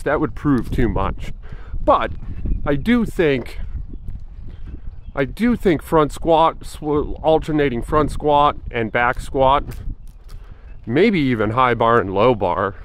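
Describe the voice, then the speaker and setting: A man's voice: mid-range voice, fairly bright tone. A man in his forties talking casually in a fitness vlog, thinking aloud with frequent fillers and restarts. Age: 40s. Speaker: fitness vlogger.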